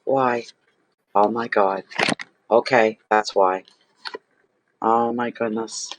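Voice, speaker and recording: A man's voice: on the low side, steady tone, slow pace, noisy background. A man giving a casual tarot reading to camera, gushing and exclaiming over the cards he draws. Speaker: tarot reader.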